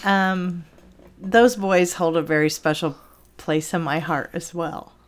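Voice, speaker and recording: An older woman telling childhood memories in a slow, reflective way, as a guest on a podcast. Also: lowish voice, fairly even intonation. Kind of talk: casual interview.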